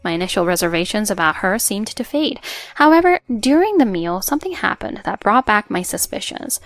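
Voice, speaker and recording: A woman giving a calm, measured first-person narration of a scripted family drama story. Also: medium pitch, no echo, faint music behind.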